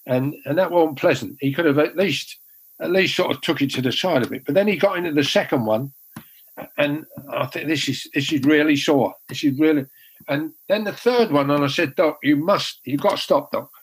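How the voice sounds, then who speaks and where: A man's voice: a little high, normal speed, breathy edge, poor audio. An older man, a former goalkeeper telling rambling, self-deprecating stories with many restarts. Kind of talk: casual anecdote telling.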